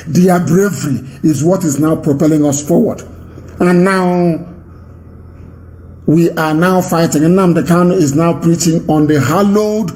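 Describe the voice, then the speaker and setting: A Nigerian-accented man delivers a fiery live radio address. His voice sits high, and he hammers his points home by repeating them. His tone is forceful and commanding, and he breaks into shouts. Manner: emphatic, repetitive, commanding, rising to shouts. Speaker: movement leader giving a radio address.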